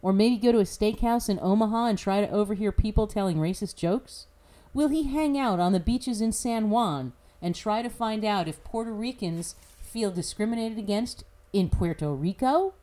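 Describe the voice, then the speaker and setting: A woman's voice: mid-range voice, warm tone. An American woman host delivering a sarcastic, mocking scripted opinion commentary. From United States. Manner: sarcastic, mocking, laughs at her own jokes. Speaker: podcast commentator.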